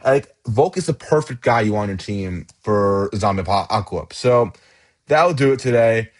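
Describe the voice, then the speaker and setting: A man hosting his channel, giving casual tier-list commentary in a rambling, halting way, full of fillers and restarts. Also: lowish voice, lively intonation. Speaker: channel host.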